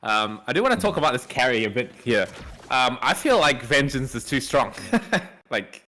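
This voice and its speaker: A man's voice: medium pitch, very animated, normal speed, bright, forceful tone, a little hiss or hum. A man co-casting a live online game match in a casual, chatty way, laughing often and calling people dude. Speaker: esports co-caster. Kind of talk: live esports commentary.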